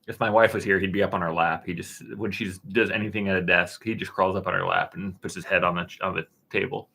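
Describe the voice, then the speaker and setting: A man in his thirties, with a voice that sits somewhat low, answers viewers' questions on a live stream in a loose, unhurried way. He drifts between answers with fillers and restarts, chatting from his dark-painted studio room. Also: vocal fry, slightly rough. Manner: relaxed, rambling, many fillers and restarts. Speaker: woodworking channel host answering live chat.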